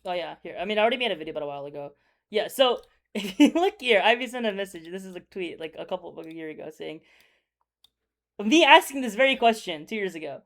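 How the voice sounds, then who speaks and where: A young man telling a story in a casual, rambling way while drawing, swearing often and getting loud and excited in parts. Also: sits high, fast, creaky. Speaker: video creator.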